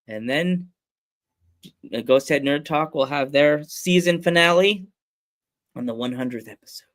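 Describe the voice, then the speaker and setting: A man's voice: on the high side, a little slow. A man hosting a casual podcast, telling rambling stories with lots of restarts and laughter. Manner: animated storyteller, acts out scenes with funny voices and sound effects. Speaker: podcast host. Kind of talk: casual chat.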